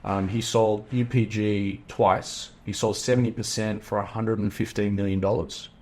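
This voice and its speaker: A middle-aged man with an Australian accent, a podcast guest telling a story in a casual, animated way, acting out the voices of the people he quotes. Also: on the low side, moderate pace. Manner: animated, acts out quoted dialogue.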